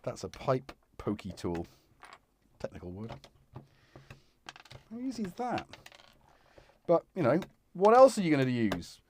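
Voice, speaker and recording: A man's voice: medium pitch, huge pitch swings, normal speed, a little mellow, a little hiss or hum. A man hosting a live stream as he repairs a synthesizer, chatting casually and muttering to himself mid-task with self-deprecating asides. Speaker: livestream host repairing a synth. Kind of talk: casual live-stream chat while working. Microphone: wireless mic that drops out of range.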